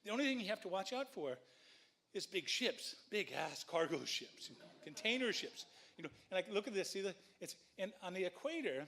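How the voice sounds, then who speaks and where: Male, live storytelling, very bright tense tone, conversational, cursing. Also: high-pitched, fairly quick, gravelly. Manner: animated, swearing, conversational.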